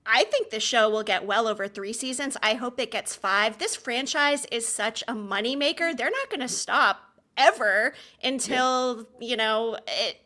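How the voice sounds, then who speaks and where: Chatty bright-voiced woman in her forties. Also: fairly high pitch. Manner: chatty, enthusiastic, quick opinions. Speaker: podcast co-host. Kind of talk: casual TV recap chat.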